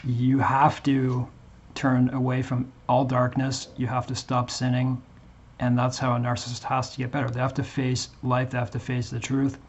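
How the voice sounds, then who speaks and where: A man talking earnestly to his viewers as a Christian channel host, in a halting way with frequent restarts. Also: mid-range voice, monotone, lo-fi sound, slight background noise. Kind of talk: earnest casual monologue to viewers.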